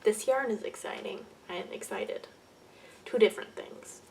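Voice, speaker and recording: A young woman hosting a casual knitting podcast, rambling and correcting herself, often trailing off into soft muttered asides. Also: medium pitch, normal speed, gravelly, recorded from a distance, slight background noise. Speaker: podcast host.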